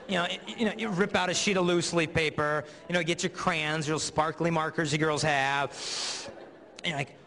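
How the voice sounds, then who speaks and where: A young man with a somewhat high voice holds the stage as a youth speaker, telling playful stories and slipping into characters. His talk rings with the long reverb of a large hall full of listeners. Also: steady tone, normal speed, sharp tone, a little hiss or hum. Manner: playful storyteller who acts out characters. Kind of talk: comedic stage talk to a live audience.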